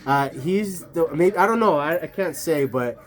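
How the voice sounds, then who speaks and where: A man's voice: fairly high pitch, expressive, normal speed. A man vlogging outdoors at night, rambling casually to his camera, swearing and laughing often. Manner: rambling, profane, laughs a lot.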